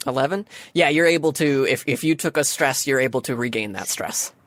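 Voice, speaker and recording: A woman narrating as game master of a tabletop game, in a relaxed, chatty way. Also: extremely low pitch, brisk, a little hiss or hum.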